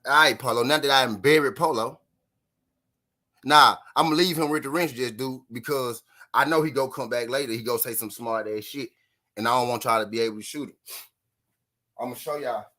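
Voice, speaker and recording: A man's voice: medium pitch, brisk, bright, forceful tone. A man from Memphis, Tennessee, hosting a live stream and taunting his chat with mocking, repeated jabs and frequent laughter.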